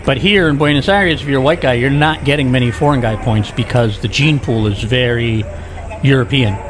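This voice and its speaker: Talking fairly quickly at a medium pitch, a man films a casual walking tour vlog on a busy city street, chatting with viewers while he walks. City ambience and street noise fill the background.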